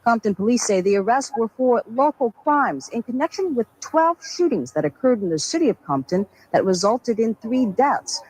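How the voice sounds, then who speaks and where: A woman reporter reading a news report in a crisp broadcast manner. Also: on the high side, sing-song, moderate pace, hardly any pauses, darkish tone, slight background noise, low-quality recording.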